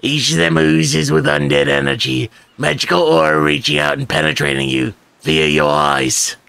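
Gravelly man reading game narration. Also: a little high, lively intonation, moderate pace, sharp tone, no room sound. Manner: wry, theatrical narration with joking asides. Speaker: let's play host. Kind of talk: reading a game's narration aloud.

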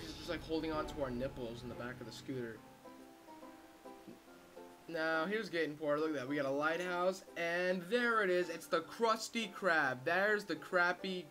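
A young man rambles through casual gameplay commentary, full of crude jokes and asides. His voice sits a little high. Game music plays loudly under him. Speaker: let's play commentator.

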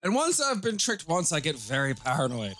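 A man's voice: on the high side, brisk. A man chatting casually over a video game, swearing freely and riffing on silly ideas. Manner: animated, swears freely, riffs on jokes. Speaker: co-host of a gameplay channel. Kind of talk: casual gameplay commentary. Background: game music.

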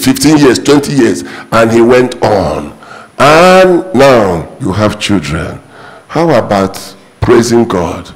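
Lively, emphatic male preacher. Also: mid-range voice, rough recording. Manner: emphatic, repetitive preaching with sudden rising exclamations. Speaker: pastor. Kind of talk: sermon.

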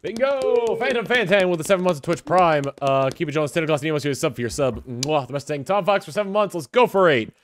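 A man's voice: fairly high pitch, fast, hardly any pauses. A man chatting casually while playing a game on a live stream and reading out subscriber thanks. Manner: animated, reads out subscriber thanks. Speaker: streamer, co-player.

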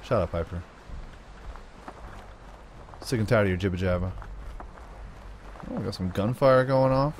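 Joking low-voiced gaming host. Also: male voice, unhurried, long pauses, a little hiss or hum. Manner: joking, teasing banter with the game. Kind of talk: let's play commentary.

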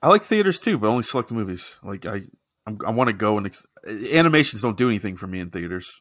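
A man's voice: lowish voice, sing-song, fast, a bit bright. A man co-hosting a comedy podcast, talking loosely and casually with plenty of swearing. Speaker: podcast co-host. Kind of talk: casual chat.

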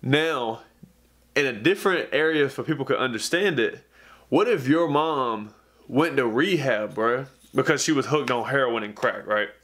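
A man, a fitness vlogger, telling a story straight to camera in a heated, profane rant that keeps circling back with "bruh.". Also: normal speed. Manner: acts out others' lines in a higher, lively voice.

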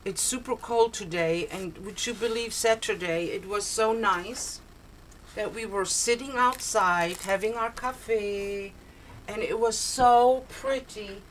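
An older woman chats unhurriedly at a middle pitch while unboxing a craft swap. She gushes and exclaims over every little piece. A faint hum of room noise sits behind her. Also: takes it slowly, poor audio. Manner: gushing, exclaiming over small craft items. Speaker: crafter opening a swap package. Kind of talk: casual unboxing chat. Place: cold home, heater on.

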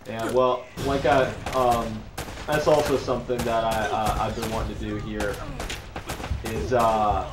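A man with a Northeastern Ohio accent giving casual, rambling let's-play commentary, chatty and quick to laugh. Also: on the low side, flat delivery, noisy background. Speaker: gameplay commentator. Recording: roomy echo with game music and gunfire.

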